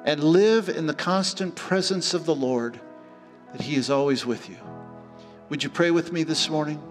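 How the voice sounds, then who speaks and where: A middle-aged man preaching a sermon as pastor, telling stories with lively acted-out voices. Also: a little high, normal speed. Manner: animated storytelling, acting out voices. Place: church hall. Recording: church hall reverb with faint music.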